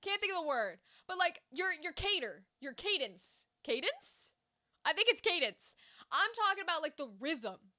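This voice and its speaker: High, bright-voiced woman chatting candidly. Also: very animated, normal speed. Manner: candid, swears freely, chatty asides. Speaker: voice actor streamer. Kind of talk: casual livestream chat.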